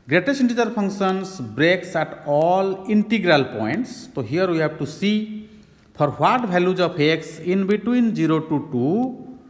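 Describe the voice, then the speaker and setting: Slow, methodical male math teacher. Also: high voice, big-room sound. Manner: methodical, repetitive explaining. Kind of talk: step-by-step math lesson.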